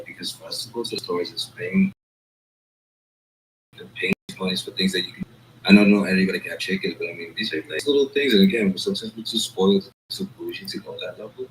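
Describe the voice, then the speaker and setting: A man's voice: sits low, fast talker, background noise. A man hosting a casual chat, rambling and streetwise, talking in loose asides.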